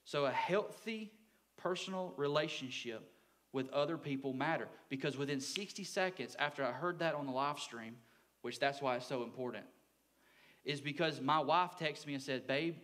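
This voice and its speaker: A young man, preaching as a youth pastor in a church and telling stories with earnest excitement. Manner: earnest, storytelling, excitable with sudden lifts in pitch. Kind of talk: sermon.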